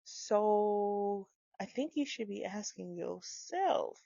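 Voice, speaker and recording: A woman talking in a casual monologue about parenting, animated and acting out quoted dialogue. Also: medium pitch, slow, vocal fry, no echo. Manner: animated, acts out quoted dialogue, frequent laughs. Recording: dull, dry close-mic sound.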